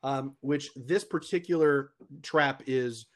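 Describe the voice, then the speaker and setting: A man's voice: medium pitch, slow. A young man co-hosting a casual podcast, rambling with restarts and laughing often. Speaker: podcast co-host. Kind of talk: casual chat.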